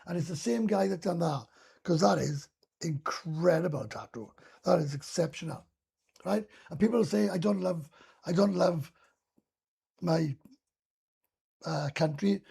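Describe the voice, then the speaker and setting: Welsh bloke on a live stream reading out comments, gravelly voice, dark mellow tone, swears a lot. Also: male voice, fairly high pitch, a little slow, pauses often. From Wales. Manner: blunt and sweary, lots of restarts.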